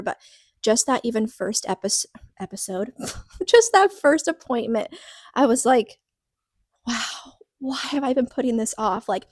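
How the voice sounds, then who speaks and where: A woman's voice: on the high side, darkish tone, no room sound, studio quality. A woman co-hosting a podcast, telling a personal story in a rambling, earnest way, full of "like" fillers and restarts. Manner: earnest, openly vulnerable. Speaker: podcast co-host. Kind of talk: casual personal podcast chat.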